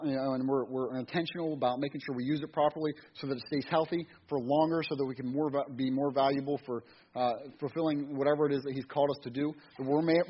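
Speaking at church, a middle-aged man with a fairly high, slightly rough voice delivers a rambling, casual sermon, restarting and repeating words in folksy fashion. It's captured on a dull lo-fi recording with a faint hiss.

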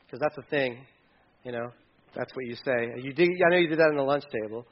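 A man preaching a sermon, animated and humorous, acting out scripture lines in his own voice. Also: a little high, fast, dull audio. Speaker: pastor.

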